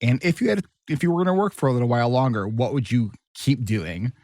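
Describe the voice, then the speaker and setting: A man's voice: medium pitch, lively intonation, quick pace, darkish tone, dry recording, clean studio sound. A man hosting an interview podcast and working as a coach, talking casually with some hesitation as he explains ideas.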